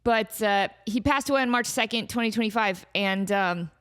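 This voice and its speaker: A woman's voice: on the high side, normal speed, fairly bright tone, clean tone. Chatty woman hosting a solo podcast. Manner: chatty and self-deprecating, breaks off to scold her cat. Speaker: podcast host. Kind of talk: casual solo podcast chat.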